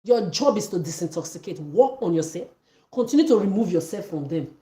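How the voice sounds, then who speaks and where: A woman's voice: lowish voice, lively intonation, fairly quick, dark tone. A woman delivering an angry, accusatory livestream rant, repeating herself as she goes. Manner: ranting, accusatory, repetitive.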